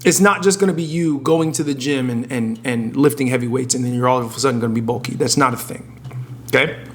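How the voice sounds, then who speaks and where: A man's voice: medium pitch, fast talker, slight background noise. A young man giving blunt, profane fitness advice straight to camera, emphatic and often cutting himself off mid-sentence. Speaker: fitness content creator. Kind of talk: casual direct-to-camera advice.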